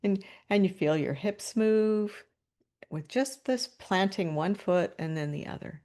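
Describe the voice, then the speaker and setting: A woman presenting a webinar over a video call, calmly guiding listeners through posture and breathing cues with light laughs between instructions. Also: medium pitch, measured pace. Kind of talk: guided body-awareness instruction.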